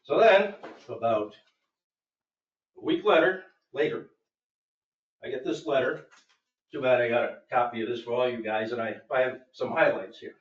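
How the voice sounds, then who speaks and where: This property owner, mid-range and talking a little fast, lays out his grievance at a public board meeting with emphatic storytelling and quotes from other people. The recording is muffled and roomy, captured from a distance.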